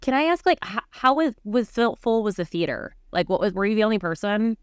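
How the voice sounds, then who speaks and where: Smooth-voiced woman co-hosting a podcast. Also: medium pitch, animated, fairly quick, no echo, studio quality. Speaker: podcast co-host. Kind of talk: casual chat.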